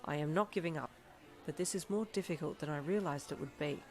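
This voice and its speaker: A woman's voice: low voice, a little fast. A woman reading a fanfiction audiobook, voicing a stiff, earnest young man who speaks in precise, formal phrases without contractions. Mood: earnest, dejected.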